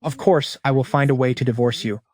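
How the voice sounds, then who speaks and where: A man's voice: medium pitch, fairly even intonation, a little fast, a little mellow, close to an everyday voice. A man voicing an aloof, arrogant young crown prince who talks in a cool, dismissive way.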